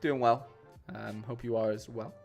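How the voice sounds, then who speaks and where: A man's voice: mid-range voice, steady tone, moderate pace, vocal fry, darkish tone, faint music behind. A man chatting casually on a live stream, rambling with lots of fillers and restarts and calling his viewers "mate". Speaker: streamer building fantasy football lineups.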